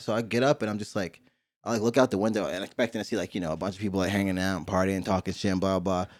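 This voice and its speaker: A man's voice: lowish voice, a little mellow, no echo. A man telling a story in a casual podcast chat, laughing often and acting out noises. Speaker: podcast co-host.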